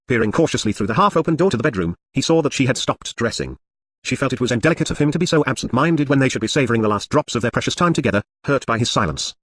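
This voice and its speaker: Fast husky male audiobook narrator. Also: mid-range voice, dry recording. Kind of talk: scripted narration.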